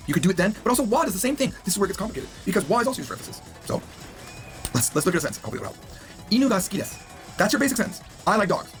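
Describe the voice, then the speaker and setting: A man teaching a recorded language lesson, upbeat and joking as he explains grammar rules. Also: sits high.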